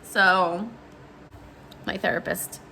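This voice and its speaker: A woman vlogger telling a story in a chatty, animated way, with lots of "like" fillers. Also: on the low side, slow, vocal fry, a little hiss or hum. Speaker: beauty vlogger. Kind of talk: casual storytelling vlog.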